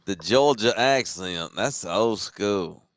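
A man's voice: fairly low pitch, lively intonation, slow, no room sound. A man with a Texan accent, co-hosting a late-night chat show, tired, rambling and laid-back with loose profanity. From Central Texas. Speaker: podcast co-host.

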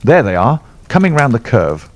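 A man voicing a calm, imperturbable male detective in an audiobook, measured and dry. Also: mid-range voice. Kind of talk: audiobook character voice.

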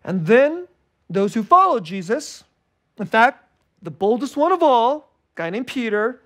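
A man preaching a sermon as pastor, talking conversationally and dropping to hushed tones between livelier stretches, with laughs between phrases. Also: extremely high pitch, sing-song, a little slow.

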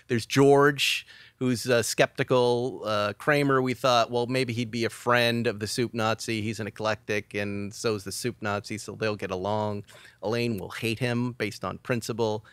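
A man's voice: mid-range voice, moderate pace, clear, resonant tone, no echo. A middle-aged man, a comedy writer, telling a story in a podcast interview and acting out the quotes. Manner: animated storyteller who acts out quotes.

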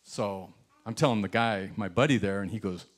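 A man from the United States, a pastor telling a story in a sermon, animated and chuckling as he acts out the people in it. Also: on the low side, moderate pace. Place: church sanctuary.

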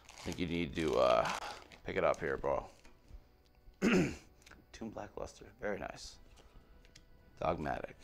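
Male vlogger, low and gravelly, casual pack-opening chatter, mutters card names, swears freely. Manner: rattles off card names, swings between muttering and excited outbursts, swears freely. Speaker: card pack opener on a video channel.

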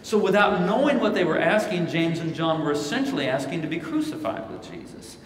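Slightly high and a little fast, this pastor from Missouri, the keynote speaker, answers a live Q&A question at a conference like he's preaching, with stories and scripture delivered in lively voices. It's captured from afar in an echoey large hall with slight background noise.

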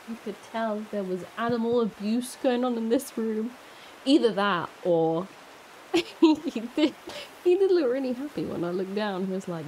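A young woman giving casual let's play commentary, expressive and chatting to the game and her dog. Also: fairly high pitch, slight background noise, low-quality recording. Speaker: gaming streamer.

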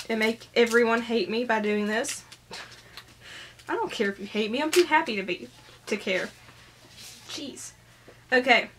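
Bubbly high-voiced young woman vlogger. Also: a bit bright, a little hiss or hum. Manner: bubbly and gushing, giggly. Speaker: YouTuber opening a fan package. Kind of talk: casual vlog chat.

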